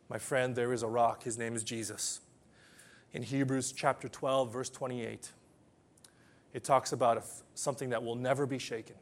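A man preaching a sermon to people whose first language is different, telling stories and then leading a quiet prayer. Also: mid-range voice.

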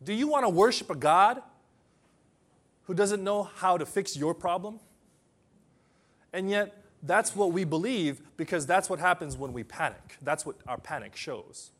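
A man preaching a sermon, swinging between loud emphatic bursts and quiet, soft asides. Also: sits high, lively intonation, unhurried. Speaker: pastor.

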